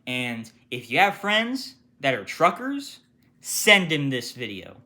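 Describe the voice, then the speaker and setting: A young man casually ranting about his retail job, swearing freely and mimicking customers with sudden shouts. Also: mid-range voice, huge pitch swings, takes it slowly. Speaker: retail worker telling customer stories. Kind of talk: casual storytime rant.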